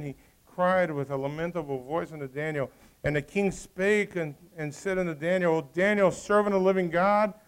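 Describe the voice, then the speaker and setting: Animated preacher man, lively pitch. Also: clear, resonant tone. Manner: animated, acts out voices of the characters. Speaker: pastor. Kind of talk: sermon.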